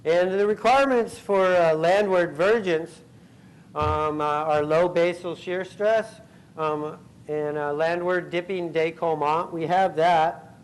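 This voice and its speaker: A man giving a scientific conference talk, pausing often with ums and uhs and clearing his throat. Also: a little high, low-quality recording. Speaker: conference speaker. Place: convention center hall.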